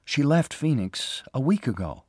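A man's voice: medium pitch, very animated, a little slow, breathy edge, no room sound, studio quality, pitched above the performer's own voice. A man voicing a worried young woman who is searching for her missing sister, pleading and emotional. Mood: anxious.

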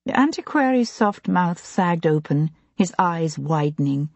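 A woman reads an audiobook in a low, husky voice. Her pitch moves a great deal as she narrates in a measured, expressive way, and the sound is close and dry. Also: no room sound. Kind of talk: scripted narration of a historical mystery.

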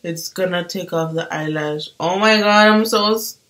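A woman's voice: on the low side, normal speed, rough recording. A young woman chatting casually while doing her makeup, talking animatedly. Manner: chatty and animated, full of fillers. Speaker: beauty vlogger.

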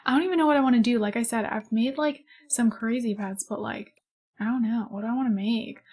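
A woman's voice: fairly high pitch, a little fast, darkish tone, slightly rough. A young woman in her twenties chatting casually over gameplay, rambling, giggling and gushing over cute animals. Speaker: gaming YouTuber. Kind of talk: casual let's-play chat.

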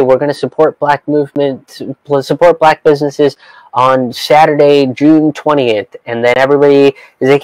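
A man's voice: mid-range voice, darkish tone, no echo, poor audio. A man giving a profane, incredulous rant while reading from an article. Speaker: comedian vlogger.

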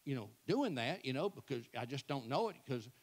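A man's voice: medium pitch, very animated, brisk. A man, telling folksy, self-mocking comic stories at a church event. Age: 60s. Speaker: church speaker. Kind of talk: comic storytelling to a live audience.

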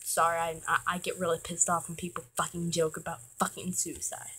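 A woman's voice: lowish voice, completely flat delivery, brisk, bright, forceful tone, slight background noise, rough recording. A teenage girl giving an earnest, emotional pep talk to her viewers, swearing when she gets worked up. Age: teens. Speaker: vlogger.

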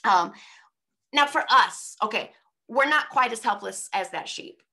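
A woman's voice: on the high side, lively intonation, a little slow, gravelly, sharp tone. A middle-aged woman giving a conversational sermon at a women's church event over a video call, informal, with frequent rhetorical asides. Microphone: speaking on a video call.

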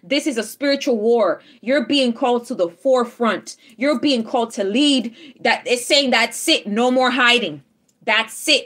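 A fairly high-voiced woman hosting a live tarot reading. She talks emphatically and keeps repeating her affirmations, checking in with her viewers after nearly every point. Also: fairly bright tone. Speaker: tarot reader.

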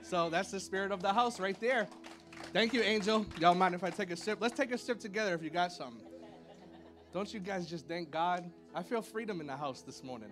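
Talking fairly quickly over background music, a male pastor delivers a playful, laid-back sermon in a church sanctuary. He's chatty with his congregation, sprinkling in lots of "y'all" and "like" along with high, playful sound effects.

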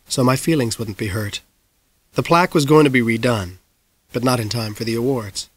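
A middle-aged man narrating an audiobook in the first person, measured, low and intimate. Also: no echo.

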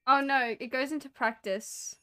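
A woman's voice: high voice, fairly even intonation, normal speed, clean tone. A woman streamer chatting casually while gaming, swearing and teasing her friends with frequent laughs. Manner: swears and teases, laughs often. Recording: loud music behind the voice.

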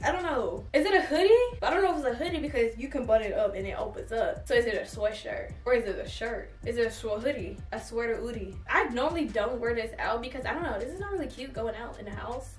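A young woman chatting casually to her viewers in a try-on haul, animated and talkative. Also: fairly high pitch, distant mic. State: has hiccups. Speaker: fashion vlogger. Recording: echoey room, voice away from the mic, faint music.

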